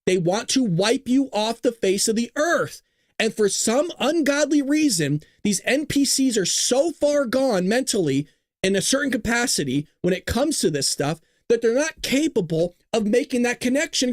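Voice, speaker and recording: A man's voice: very high voice, sing-song, normal speed, no room sound. A man hosting a political livestream and ranting heatedly, with a lot of swearing, recorded in a small closet. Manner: fired-up, profane, ranting. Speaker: host of a political livestream show. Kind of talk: live-streamed rant.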